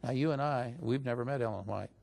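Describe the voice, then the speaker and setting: Gravelly-voiced man telling a story. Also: mid-range voice, quick pace. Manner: animated storytelling, raises his voice to quote others. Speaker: interview guest recounting stories. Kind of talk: casual storytelling interview.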